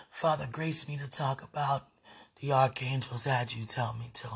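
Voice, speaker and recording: A man giving an intimate spiritual monologue, breathy and halting. He hums and murmurs between phrases and often trails off with "you know". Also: mid-range voice. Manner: opens in a hushed whisper. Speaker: podcaster.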